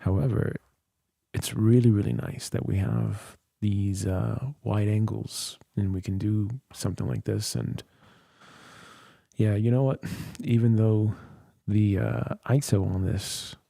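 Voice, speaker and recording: A worn-out male livestream host muses and rambles in easygoing chat. His fairly low voice is gravelly and mellow, delivered at a measured pace into a close studio dynamic mic, with no room sound.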